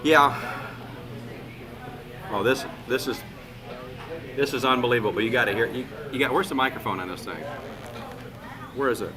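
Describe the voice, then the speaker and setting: A filmmaker talking emphatically to the camera, exasperated and insistent. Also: male voice, mid-range voice, normal speed, long pauses. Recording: crowd noise behind. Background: crowd chatter.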